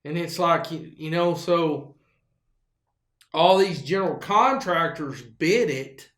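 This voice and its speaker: A man spins a loose, folksy yarn as host of his own show. His voice sits quite high and wanders through fillers and false starts. The sound bounces around an echoey room. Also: animated, takes it slowly, fairly bright tone. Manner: rambling, folksy, with many fillers and restarts. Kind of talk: casual storytelling monologue.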